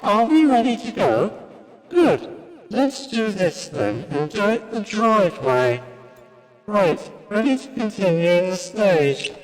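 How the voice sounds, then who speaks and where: A man's voice: high voice, big-room sound, pitched above the performer's own voice, exaggerated voice, low-quality recording. A man doing C-3PO, a fussy prim droid. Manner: fussy, prissy, complaining. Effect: robot voice filter.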